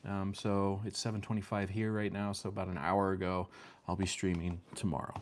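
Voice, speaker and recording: A man's voice: low voice, little pitch movement, a little fast. A man streaming from home, chatting casually in a rambling, hesitant way with lots of ums and restarts. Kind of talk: casual chat. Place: home room with fan and lights.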